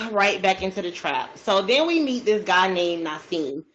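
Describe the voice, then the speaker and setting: A woman casually retelling a true crime story over a food video, chatty and slangy, with drawn-out asides. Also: medium pitch, animated, a bit bright, muffled recording, a little hiss or hum.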